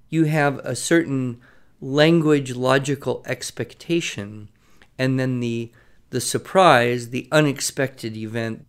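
A man co-hosting an educational podcast, talking in a thoughtful, explanatory way. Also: mid-range voice. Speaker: podcast co-host, writing educator. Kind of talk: casual conversational podcast.

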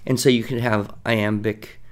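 A man co-hosting a podcast, explaining poetic meter in a relaxed teaching manner, chanting rhythms and reciting verse slowly. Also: fairly low pitch. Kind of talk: relaxed educational conversation.

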